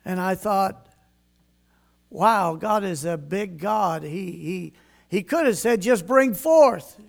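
High-voiced older man preaching slowly. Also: gravelly. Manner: folksy, self-deprecating, reads scripture in King James cadence. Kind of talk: folksy sermon with scripture reading.

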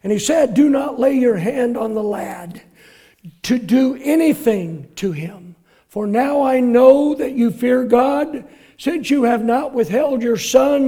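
Slow high-voiced preacher with mellow tone. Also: male voice. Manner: slow, emphatic preaching with sudden shouted scripture quotes; drops to quiet asides to the congregation. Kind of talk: sermon.

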